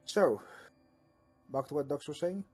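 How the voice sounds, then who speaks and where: A man with a husky, mellow voice runs a tabletop game as game master. He narrates scenes and earnestly keeps the players focused, with faint music behind. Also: on the high side, lively intonation, measured pace.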